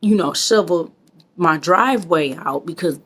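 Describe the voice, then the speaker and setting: A woman's voice: lowish voice, unhurried, a bit bright, breathy edge. Woman, from Michigan, emotional, preachy, casual vlog talk. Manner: emotional, preachy, addresses viewers as kings and queens. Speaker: vlogger.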